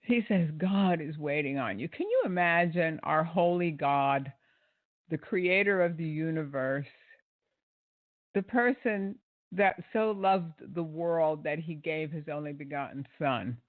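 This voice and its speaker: A man's voice: a little high, a little slow, no room sound. A man hosting an online show, giving critical commentary in an indignant, sarcastic way with many fillers. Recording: dry, tinny phone-like sound.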